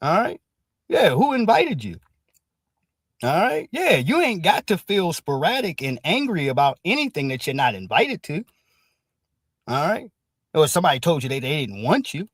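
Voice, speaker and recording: A man's voice: a little high, normal speed, long pauses, slightly rough, no room sound, studio quality. A man giving casual, profane livestream commentary, dropping "all right" between nearly every thought. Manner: animated, profane, repeats "all right" as a filler.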